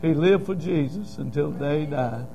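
A man's voice: on the high side, moderate pace, creaky, mellow, faint music behind, low-quality recording. A middle-aged man preaching a sermon, telling stories in a folksy way and building to emphatic cries.

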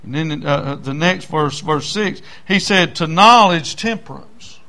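A folksy preacher delivers his sermon in a high, bright voice. He speaks in a plain, homespun manner. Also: a little slow. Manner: folksy, storytelling, acts out voices in anecdotes.

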